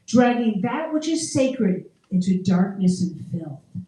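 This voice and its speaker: A woman's voice: medium pitch, big pitch swings, measured pace, mellow, slight background noise. A middle-aged woman performing a stand-up comedy set, talking conversationally and self-deprecatingly and laughing at her own jokes. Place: open mic comedy show. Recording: echoey room, mic at a distance.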